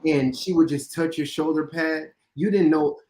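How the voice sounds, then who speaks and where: A man's voice: a little high, steady tone, moderate pace, a little mellow. A man in his thirties, a podcast co-host, talking in an emphatic way and repeating phrases for stress. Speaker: podcast co-host, former teammate. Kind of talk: casual chat.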